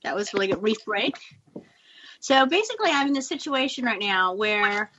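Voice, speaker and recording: A woman's voice: medium pitch, sing-song, normal speed, sharp tone, dull audio. A woman in her forties from Long Beach, California, with an American accent, chatting frankly and laughing often as a guest on a call from home. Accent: Southern Californian American. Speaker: guest actress. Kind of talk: casual chat. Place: home, with children nearby.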